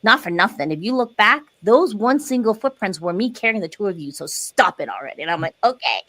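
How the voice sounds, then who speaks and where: Middle-aged woman, podcast guest; animated storyteller who acts out quotes, mid pitch. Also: fairly quick. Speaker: guest, dance wellness coach. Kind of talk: casual interview chat.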